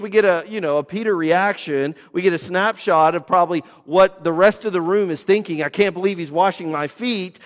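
High-voiced preacher in a reverberant church. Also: male voice, a bit bright. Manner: conversational preaching with voiced asides and quotes. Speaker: pastor. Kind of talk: sermon.

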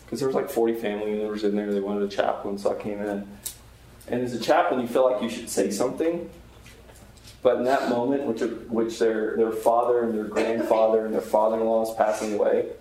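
A male chaplain with a medium-pitched, slightly mellow voice runs an earnest, conversational Bible class and asks the group questions. The recording has strong room echo and a faint hiss.

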